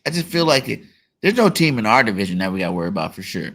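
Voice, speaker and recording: Gravelly-voiced man talking sports. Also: lowish voice, rapid-fire. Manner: relaxed, filler-heavy, lots of "you know". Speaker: podcast host. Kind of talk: casual sports talk.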